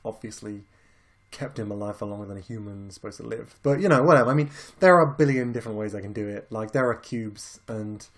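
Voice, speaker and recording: Talking fast in a fairly low voice, this British co-host rambles easily about movies on the podcast, dropping the odd swear word.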